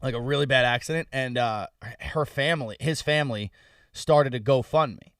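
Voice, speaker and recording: A man co-hosting a podcast in casual banter, crude and teasing, with quick lively jabs. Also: mid-range voice, clean tone, dry recording, studio quality, distant mic. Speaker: podcast co-host.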